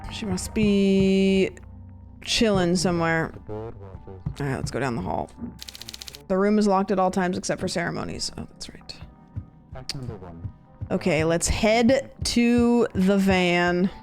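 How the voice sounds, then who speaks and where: Slow-talking woman streamer. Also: mid-range voice, darkish tone, soft background music. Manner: joking, reads game text aloud. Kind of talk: casual gameplay commentary.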